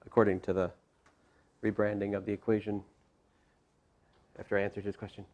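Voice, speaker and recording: A man lecturing as a math professor in a classroom, talking through each step with asides and quick self-corrections. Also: fairly low pitch, flat delivery, a little mellow, dull audio. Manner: talks through steps with frequent asides and restarts.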